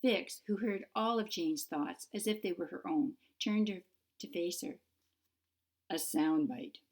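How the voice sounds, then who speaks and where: A woman author narrating her own fantasy novel in a clear, measured storytelling manner. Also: medium pitch, darkish tone. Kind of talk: audiobook narration.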